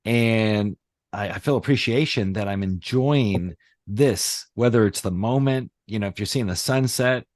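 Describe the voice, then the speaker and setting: A middle-aged man talking casually on a podcast as host, rambling and animated, with many fillers and restarts. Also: fairly low pitch, unhurried, dry recording, studio quality. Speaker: podcast host, reality surfing teacher.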